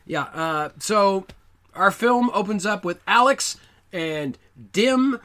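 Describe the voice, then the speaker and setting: A man's voice: sits high, animated, slow, sharp tone. Rambling man recapping a film. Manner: rambling, stammering restarts. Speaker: podcast co-host. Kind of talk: casual film recap chat.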